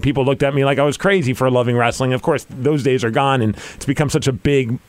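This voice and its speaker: Excitable forty-year-old male podcast host. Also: mid-range voice, fast, dry recording. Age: 40s. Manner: excitable, eager fan. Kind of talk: casual interview.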